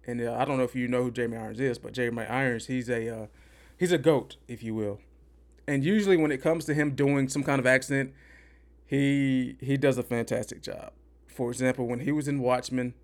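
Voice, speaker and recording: A man hosting a podcast, giving an opinionated, rambling movie review and repeating himself for emphasis. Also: medium pitch. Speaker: podcast host. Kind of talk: casual movie review rant.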